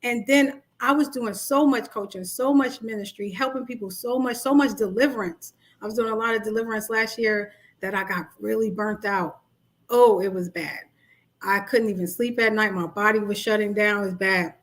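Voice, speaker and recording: A woman's voice: medium pitch, fairly even intonation, moderate pace. A middle-aged woman with a New York accent, a life coach talking casually on a livestream and greeting her viewers by name. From Brooklyn, New York. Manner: chatty, greets commenters by name.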